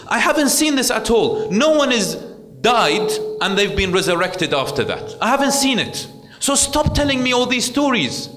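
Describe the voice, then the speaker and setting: A preacher acting out a defiant young man, voice pushed up high and sharp with impatience. He sounds exasperated and dismissive, ringing through a reverberant hall. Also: exaggerated voice. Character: defiant young man rejecting his parents' faith.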